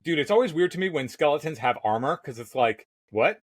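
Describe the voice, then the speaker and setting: A man's voice: fairly high pitch, lively intonation, fairly quick, husky, no echo, studio quality. A man co-hosting a casual card game podcast, laid-back and saying "dude" a lot. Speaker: podcast co-host.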